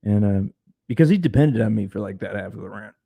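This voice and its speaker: Guy on a podcast telling his story, blunt and sweary, mellow tone, dry close mic. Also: on the low side, expressive, quick pace, gravelly, slightly rough, no room sound. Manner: frank, profane, repeats words when starting. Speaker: podcast guest. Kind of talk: casual storytelling.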